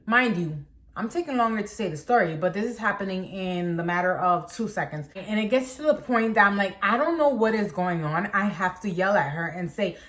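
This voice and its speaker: A young woman talks to her camera in a casual storytime vlog. Her voice sits at an ordinary middle pitch. She tells it with animation and leaps higher when she acts out quoted lines. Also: a little fast, fairly bright tone. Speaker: storytime vlogger.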